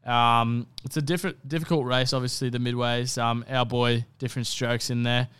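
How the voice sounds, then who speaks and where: Rambling Australian man on a dry, clear mic. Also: mid-range voice, level tone, moderate pace, a bit bright, no room sound. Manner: rambling, self-correcting, lots of ums. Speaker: podcast co-host tipping races. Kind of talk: casual racing tips chat.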